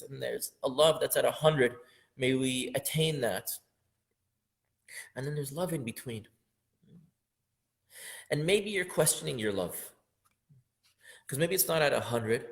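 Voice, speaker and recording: A man teaching a lesson on a classical poem, earnest, repeating phrases for emphasis and rising sharply in pitch when he acts out the inner voice. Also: vocal fry. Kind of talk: lecture explaining classical poetry.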